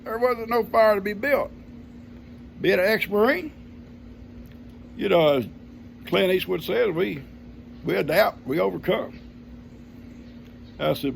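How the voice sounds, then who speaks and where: An older man with a drawl spins a homespun yarn in a deeply gravelly, creaky voice that sits a little high for a man. His telling is folksy and easygoing. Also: expressive, unhurried, long pauses, a little hiss or hum. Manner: folksy, homespun grammar, chuckling storyteller. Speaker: vlogger telling a family story. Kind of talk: casual storytelling.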